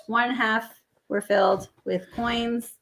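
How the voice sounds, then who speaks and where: A woman's voice: on the high side, steady tone, measured pace, fairly bright tone, a little hiss or hum. A woman co-hosting a casual live stream, chatting and reading out lists of viewer guesses. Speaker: livestream co-host.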